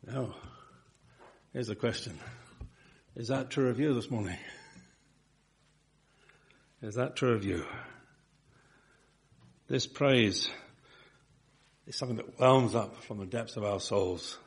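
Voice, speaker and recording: A man preaching a sermon, slow and emphatic, asking his listeners rhetorical questions. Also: fairly low pitch.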